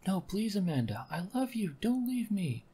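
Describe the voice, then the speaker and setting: A man voicing a lovesick young man who begs his love not to leave, in a high whiny voice. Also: very animated, normal speed, dark tone, husky, heavily acted. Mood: begging.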